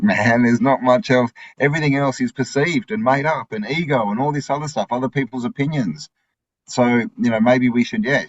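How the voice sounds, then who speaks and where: A man's voice: medium pitch, breathy edge. A man co-hosting a casual spiritual chat, musing aloud with many fillers. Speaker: co-host. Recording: dull lo-fi sound.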